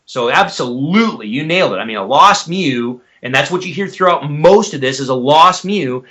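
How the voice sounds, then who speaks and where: Man, expert guest, bright voice, earnest, step-by-step explaining. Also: on the high side, animated, normal speed, hardly any pauses. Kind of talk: explanatory interview answers.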